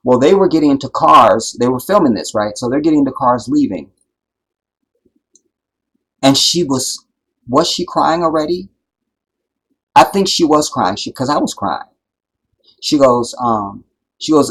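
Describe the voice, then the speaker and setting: A man hosting a live stream, talking in an impassioned, preachy way that builds to loud, emphatic peaks and keeps checking that his listeners follow. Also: mid-range voice, lively intonation, measured pace, pauses often, slightly rough, poor audio. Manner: preachy, builds to loud emphatic peaks, keeps asking "you see what I'm saying". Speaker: livestream host.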